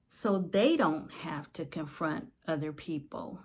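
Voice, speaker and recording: A middle-aged woman life coach reflecting on her faith and reading her journal prayers, slow and confiding, her voice sinking to a whisper at times. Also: lowish voice.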